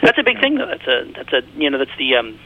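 A man's voice: fairly high pitch, phone-quality sound. A man co-hosting a podcast in casual, chatty talk. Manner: animated, quick and chatty. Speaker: podcast co-host.

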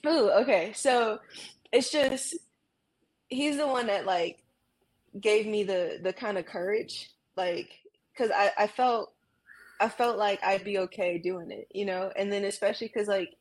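A woman guest in a casual interview, talking about her life in an emotional, halting way with many fillers, heard over a video call. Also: mid-range voice. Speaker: guest, graphic artist.

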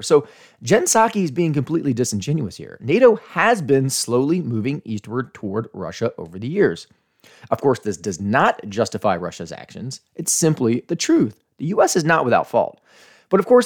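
Animated American man hosting a podcast. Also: medium pitch. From United States. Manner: earnest, argumentative, asks rhetorical questions. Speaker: podcast host. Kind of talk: scripted commentary podcast.

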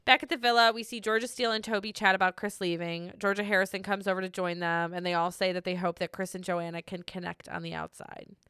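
Young woman, podcast host, bright and smooth, giggly casual recap, dry close sound. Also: mid-range voice, flat delivery, fast, hardly any pauses, no echo. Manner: chatty, giggly, frequent likes. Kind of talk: casual chat.

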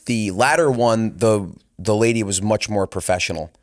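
A man's voice: on the low side, normal speed. A man hosting a podcast in a casual chat, rambling and laughing as he talks. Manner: rambling, laughing, restarts a lot. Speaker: podcast host.

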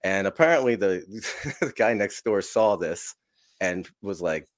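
A man's voice: deep voice, lively intonation, unhurried, no room sound, clean studio sound. A man from New Jersey, a podcast guest, telling a long profane story in a rambling, self-interrupting way. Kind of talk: casual storytelling.

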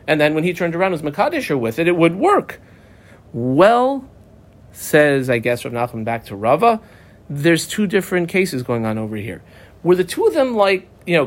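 A man teaching Talmud in a casual lecture, reading through the text in a folksy way and mixing in Hebrew and Aramaic terms. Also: on the high side.

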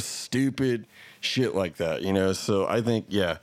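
A podcast co-host with a fairly low voice talks movies in a loose, enthusiastic ramble. He swears freely and keeps looping back on himself. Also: expressive, a little slow, no room sound. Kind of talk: casual chat.

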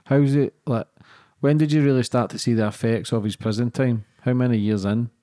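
A male interviewer asks short, gentle questions to keep his guest talking. His voice is mellow and dark, at an ordinary middle pitch for a man. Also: fairly even intonation, brisk. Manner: brief, gentle prompting questions.

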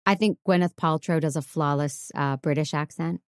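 A woman's voice: low voice, steady tone, moderate pace, clear, resonant tone, dry recording, studio quality. A woman co-hosting a film podcast, giving wry, teasing opinions in casual talk. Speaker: podcast co-host. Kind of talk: casual chat.

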